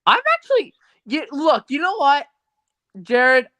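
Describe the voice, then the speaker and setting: A co-host in a casual live chat, curious and quick to jump in with opinions. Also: high-pitched, sing-song, sharp tone, no echo. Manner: curious, chatty, jumps in with opinions.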